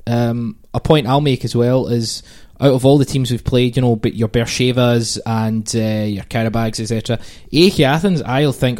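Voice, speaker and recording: A man hosts a casual football chat. His voice sits at an ordinary middle pitch. He talks in a halting way, full of "um" and "you know", and sounds fed up with the match. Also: darkish tone. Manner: hesitant, filler-heavy, exasperated. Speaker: podcast host.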